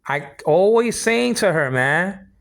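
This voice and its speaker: High, gravelly ranting man. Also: expressive, fairly quick. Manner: rambling, repetitive, stammering restarts; indignant complaining. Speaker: vlogger. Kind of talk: ranting personal monologue.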